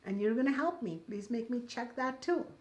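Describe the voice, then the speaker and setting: A woman's voice: a little high, lively intonation, brisk, distant mic, pitched above the performer's own voice, natural voice. A woman voicing a poor, desperate village man from a told story, pleading eagerly and stumbling over his words.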